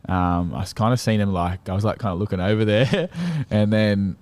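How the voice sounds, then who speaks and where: A young man from Australia's Central Coast with an Australian accent, a guest telling a story in a relaxed, rambling way and swearing casually. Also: on the low side, normal speed. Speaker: guest, rugby league player.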